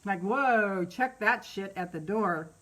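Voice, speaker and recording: A middle-aged woman hosts a casual meditation live stream, speaking slowly in a mid-range, fairly bright voice. She's candid and rambling, laughs often, and swears freely.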